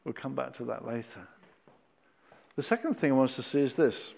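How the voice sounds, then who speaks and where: A man preaching a sermon, acting out Bible scenes and swinging between loud and hushed delivery. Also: mid-range voice, very animated, a little fast, creaky.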